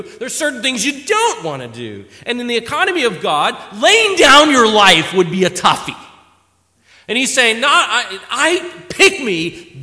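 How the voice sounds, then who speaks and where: A man preaching a sermon, animated and emphatic, acting out conversations as he teaches from scripture. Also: fairly high pitch. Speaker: preacher teaching a Bible passage. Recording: long reverb of a large hall.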